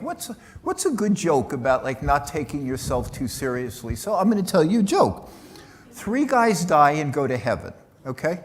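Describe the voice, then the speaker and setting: Animated, joking middle-aged man. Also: a little high. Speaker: speaker. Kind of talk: humorous talk to an audience.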